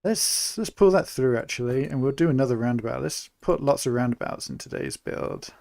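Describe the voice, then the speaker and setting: A young man from England giving relaxed, chatty live commentary while he plays a city-building game, thinking aloud as he goes. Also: mid-range voice, a little fast, vocal fry, dry recording, studio quality. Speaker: streamer.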